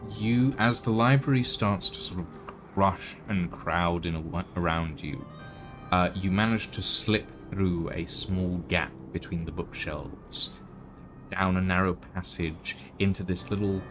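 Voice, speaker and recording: Slow, deep-voiced male game master. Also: music in the background. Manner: slow, hesitant descriptive narration with many fillers. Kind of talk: narrating a tabletop game.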